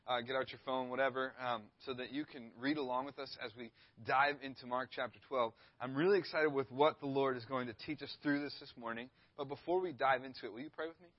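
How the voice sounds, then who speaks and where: A man in his thirties, a youth pastor, preaching a sermon with a relaxed storytelling manner. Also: mid-range voice, no room sound, lo-fi sound. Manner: laid-back, storytelling, acts out quoted voices.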